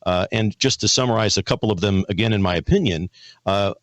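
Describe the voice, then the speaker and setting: Talk host, American man, low voice, dry close sound, stumbles and repeats words. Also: fairly quick, no echo. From United States. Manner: folksy, repeats words, many restarts. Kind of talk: conservative talk show hosting and ad reads.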